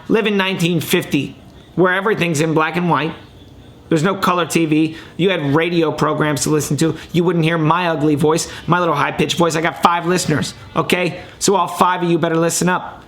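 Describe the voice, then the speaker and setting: A man talking into his home camera and computer mic for a casual sports podcast. His voice sits a little high, and he rambles in an excitable way while poking fun at himself. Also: slight background noise. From Ohio. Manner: rambling, excitable, self-mocking. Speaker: podcast host.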